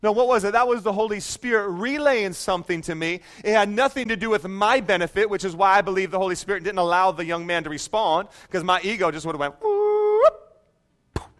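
Man, sermon preacher, high-pitched voice, lively self-mocking storytelling. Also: fast, few pauses.

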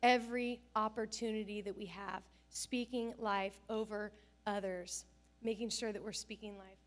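A woman's voice: medium pitch, fairly even intonation, normal speed. A woman pastor preaching a conversational sermon, telling stories with self-deprecating humor.

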